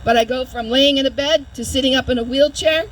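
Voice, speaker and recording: A woman's voice: sits high, fairly quick, a little hiss or hum, poor audio. A woman giving a personal testimony speech at an outdoor public event, telling her story with vivid detail and imitating beeping sounds. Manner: storytelling, imitates heart monitor beeps. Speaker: speaker at a public demonstration.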